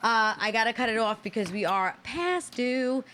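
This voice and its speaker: An American woman hosting a casual live show, telling a funny story with animated, laughing delivery. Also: on the high side, normal speed, slight background noise. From United States. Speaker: host.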